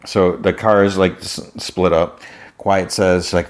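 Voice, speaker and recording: A man with a very low voice casually recapping a TV episode. He rambles, restarting phrases and stringing events together. The delivery is offhand and chatty. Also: little pitch movement, slow. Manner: rambling, with many restarts and "he's like". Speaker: podcast host.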